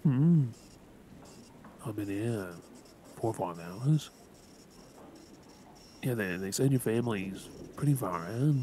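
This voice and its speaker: A man with an Australian accent in a soft, whispered role-play, gently reassuring the listener with halting words. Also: fairly low pitch. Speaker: ASMR creator. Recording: rain and thunder noise behind. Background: steady rain and thunderstorm.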